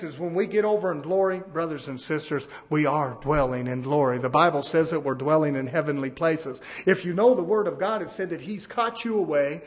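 A man's voice: fairly quick, hardly any pauses. A man preaching a sermon, rising and falling in emphatic bursts and often saying "amen" and "brothers and sisters". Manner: emphatic preaching with sudden rises in pitch and loudness.

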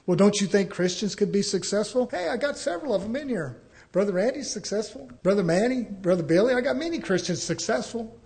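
A high-pitched male preacher with a drawl, middle-aged, delivering a folksy sermon from the pulpit. He talks plainly and keeps throwing rhetorical questions at the congregation. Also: expressive, a little fast, a little mellow. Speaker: pastor.

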